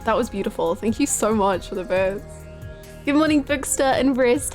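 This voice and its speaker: A young woman with an Australian accent chats casually with her live-stream audience. She is bubbly and giggly, with a slightly high voice. Faint music plays behind her. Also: lively intonation, normal speed, a little mellow. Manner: bubbly, chatty, laughs and gasps often. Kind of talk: casual live-stream chat, greeting viewers.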